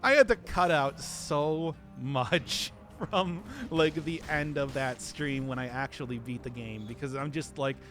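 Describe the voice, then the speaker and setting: This streamer's voice sits at a medium pitch with a fairly bright tone. Groggy from a day without talking, he rambles through relaxed gameplay commentary, laughing often and making fun of himself.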